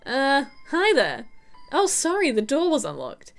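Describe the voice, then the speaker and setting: A matter-of-fact male detective in a video game, read by a woman. His questions are short and dry, with a lively pitch. Faint music plays behind him. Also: a little slow, heavily acted.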